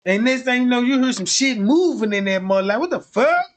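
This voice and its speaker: A man with a high voice rattles off a profane comedic rant, acting out each scene with animated energy. He sounds like a streamer riffing to his audience. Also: fairly quick. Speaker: streamer commentator.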